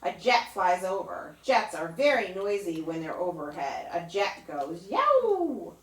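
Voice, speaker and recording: A woman who teaches yoga to children reads a picture book aloud to them, mimicking sounds in a high, playful voice. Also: unhurried, far from the mic. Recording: roomy echo, voice off-mic.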